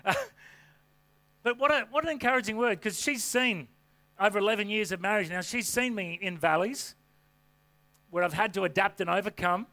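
Bright-voiced preacher. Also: male voice, high voice, normal speed, pauses often. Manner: energetic, folksy, rhetorical questions. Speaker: pastor. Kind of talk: sermon. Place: church stage before a congregation.

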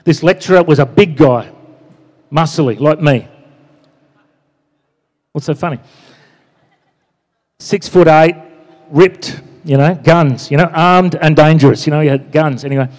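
Man, pastor, chatty sermon, fairly high voice, long hall echo. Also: unhurried, long pauses, darkish tone. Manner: conversational, frequent "you know" and "amen?" asides.

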